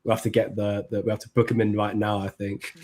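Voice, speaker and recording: A man's voice: lowish voice, level tone, quick pace, a little mellow. A man co-hosting a casual chat, planning aloud in a loose way and trailing off mid-sentence.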